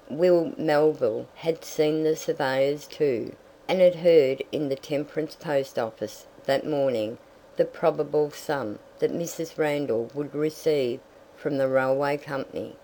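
A narrator reading a classic novel aloud in a measured storytelling manner. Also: medium pitch, dark tone, rough recording. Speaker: audiobook narrator. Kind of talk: scripted narration.

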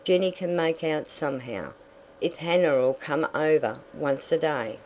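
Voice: mid-range voice, expressive, unhurried, a little mellow, slight background noise, natural voice, low-quality recording. A reader voicing a stoic, plain-spoken farm mother in an audiobook, firm and direct. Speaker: story character. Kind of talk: audiobook reading.

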